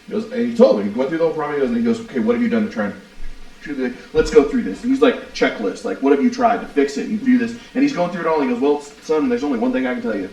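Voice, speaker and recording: A man in his thirties on a podcast, telling loud, profane stories and quoting people as he goes. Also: medium pitch, animated. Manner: fast, profane storytelling with quoted voices. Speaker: podcast co-host. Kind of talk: casual chat. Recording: roomy, distant mic.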